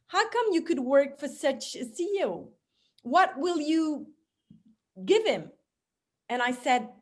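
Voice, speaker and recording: High-voiced French woman, chatty and expressive. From France. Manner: expressive, many fillers and restarts. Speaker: speechwriter guest. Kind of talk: conversational interview.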